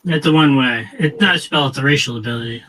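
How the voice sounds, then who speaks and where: Bright-voiced male player. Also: mid-range voice, fast talker, a little hiss or hum, poor audio. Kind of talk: casual tabletop play.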